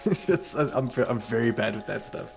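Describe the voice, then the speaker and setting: A man's voice: medium pitch, animated, unhurried, creaky, faint music behind. A South African man, a content creator and podcast guest, chatting casually with many fillers and restarts.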